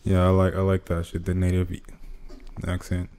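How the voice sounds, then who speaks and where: Deep, flat-voiced man chatting bluntly. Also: moderate pace, slight background noise. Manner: blunt, profane, laid-back. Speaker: podcast co-host. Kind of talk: casual chat.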